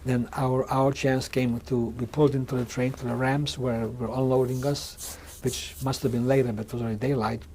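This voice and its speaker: Halting older man with a mellow voice. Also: mid-range voice, flat delivery. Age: 60s. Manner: halting, with frequent restarts and repeated words. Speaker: interviewee. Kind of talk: oral history testimony. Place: museum interview room.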